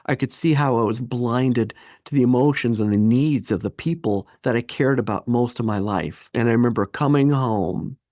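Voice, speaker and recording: Middle-aged guy telling his story on a podcast, really animated, jumps into other people's voices, dead dry mic. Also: medium pitch, no room sound. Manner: animated, acts out quoted voices. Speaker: podcast guest. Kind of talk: storytelling interview.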